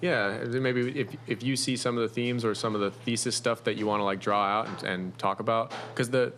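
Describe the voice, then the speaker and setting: A man's voice: medium pitch, fairly even intonation, brisk, a bit bright, faint music behind. A man in casual chat, telling a rambling anecdote full of restarts and fillers. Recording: noisy room recording.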